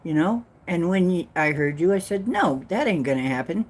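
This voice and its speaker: A woman's voice: lowish voice, lively intonation, moderate pace. A woman giving an earnest, rambling spiritual talk, telling a story with many restarts. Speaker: spiritual channel host.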